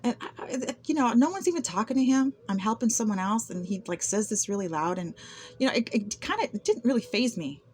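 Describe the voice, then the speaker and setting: A woman with a somewhat high voice speaks straight to the camera in an unscripted personal monologue. She sounds aggrieved and keeps stumbling into repeated words and fresh starts as she goes. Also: animated, a little fast, a little mellow, breathy edge. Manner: aggrieved, with frequent word repetitions and restarts. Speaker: vlogger recounting personal experiences.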